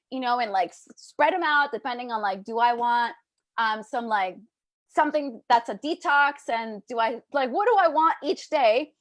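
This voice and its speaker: Casting: woman business coach, high bright voice, energetic, playful, live group talk, dry close mic. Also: no echo.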